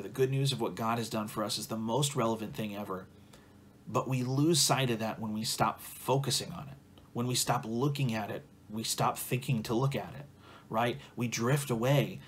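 A man's voice: medium pitch, a little hiss or hum. Earnest male pastor giving a sermon. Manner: earnest, encouraging, repeats phrases for emphasis. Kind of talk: sermon and closing prayer.

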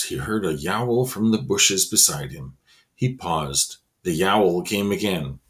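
Expressive man reading a children's book. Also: lowish voice. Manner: expressive, with casual asides. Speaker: reader. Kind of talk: reading a children's novel aloud.

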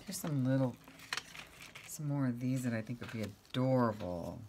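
A woman's voice: extremely low pitch, animated, moderate pace, background noise. A middle-aged woman chatting casually as she makes crafts at home, rambling and talking to her cat now and then. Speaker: craft vlogger.

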